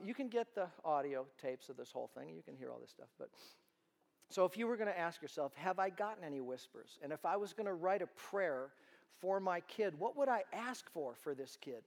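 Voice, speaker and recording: A man giving a sermon-style talk to parents in a large room, telling stories in an animated way. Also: a little high, fairly quick, gravelly. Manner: animated storytelling. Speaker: ministry speaker.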